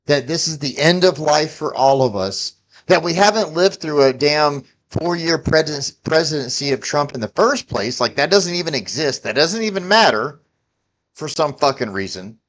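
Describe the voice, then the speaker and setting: A man in his forties, his voice high-side, expressive, unhurried, and fairly bright, delivers an angry political rant to camera. He's heated and profane, scolding his listeners.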